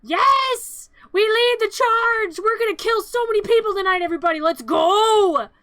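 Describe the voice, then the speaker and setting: A woman voicing a mischievous, menacing male gremlin in a comic film retelling, speaking slowly and boastfully, sometimes shouting. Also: extremely high pitch, voice pushed up. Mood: rallying. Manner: slow, drawn-out villain boasting, shouting.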